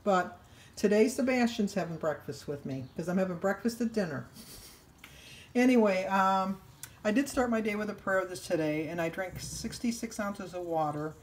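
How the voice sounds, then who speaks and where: An older woman talks to her camera from her home kitchen. She rambles cheerfully, pokes fun at herself and laughs easily, in a mid-pitched everyday voice. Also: moderate pace. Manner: chatty, rambling, self-deprecating, often laughing. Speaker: vlogger. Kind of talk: casual diet vlog chat.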